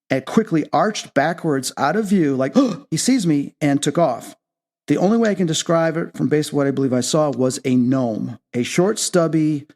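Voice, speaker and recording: A man hosting a paranormal talk show, telling a personal story in an animated way. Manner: excitable, leaps high when reenacting his own reactions. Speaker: podcast host.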